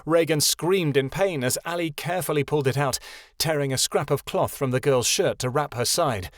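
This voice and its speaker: A man narrating a fantasy audiobook in a measured, expressive reading. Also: fairly high pitch, dry recording, studio quality. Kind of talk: scripted narration.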